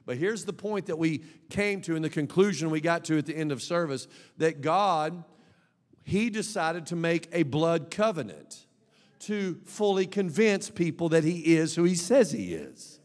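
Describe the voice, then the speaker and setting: A male pastor preaching a sermon, emphatic, moving between quiet asides and loud exhortation. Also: on the high side, expressive, unhurried. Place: church sanctuary. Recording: echoey church hall.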